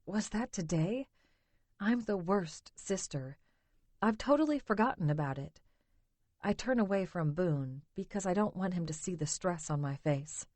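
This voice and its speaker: A woman narrating a romance audiobook in the first person, measured and intimate. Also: fairly low pitch, animated, darkish tone, dry recording.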